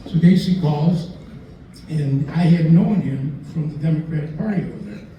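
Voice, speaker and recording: A man's voice: a little high, normal speed, mellow, slight background noise. An older man, a lawyer, telling rambling stories at a dinner talk, chuckling and acting out the voices of the people in them. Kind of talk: anecdotal after-dinner storytelling. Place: dinner event in a restaurant room. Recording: distant, echoey room with faint ambience.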